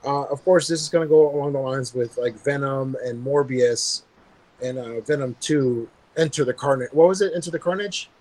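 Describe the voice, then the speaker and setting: A man hosting a casual news podcast, rambling relaxed with plenty of ums and uhs. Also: medium pitch, normal speed, poor audio. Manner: relaxed, rambling with many fillers. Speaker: podcast host reading news.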